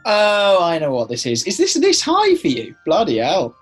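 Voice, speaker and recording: A man's voice: sits high, huge pitch swings, normal speed, faint music behind. A man co-hosting a casual drawing game, teasing and swearing in mock indignation. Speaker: co-host.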